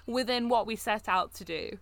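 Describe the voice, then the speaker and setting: A woman with a fairly high voice, co-hosting a podcast. She talks in a thoughtful, wry way and laughs often in casual chat. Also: normal speed. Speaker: podcast co-host.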